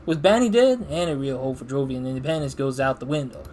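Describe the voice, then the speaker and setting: A man's voice: mid-range voice, fast, darkish tone, slight background noise, natural voice. A man doing a pointed, accusing business rival.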